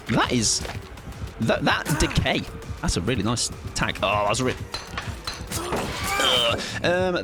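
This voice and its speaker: A young man chats his way through a live game stream, rambling and cracking jokes at his viewers. His pitch swings widely as he jumps from calm asides to sudden excited yelps. He laughs easily and talks over his own play. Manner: rambling, jokey, chats to viewers while playing. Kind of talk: live gameplay commentary with chat.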